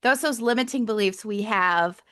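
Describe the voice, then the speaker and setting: A woman hosting a podcast, asking her guest questions in a warm, encouraging way. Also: medium pitch, normal speed. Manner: encouraging, asks leading questions. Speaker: podcast host. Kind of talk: casual interview chat.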